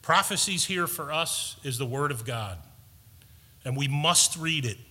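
A man's voice: a little high, animated, a little slow, sharp tone, slightly rough, in a large hall. A man preaching a sermon, earnest and storytelling, building to emphatic points. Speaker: pastor.

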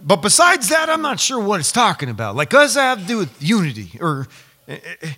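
Preacher in a sermon, lively storyteller, bright forceful tone, slightly high. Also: male voice, brisk. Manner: storytelling, animated, acts out quoted people. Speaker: pastor.

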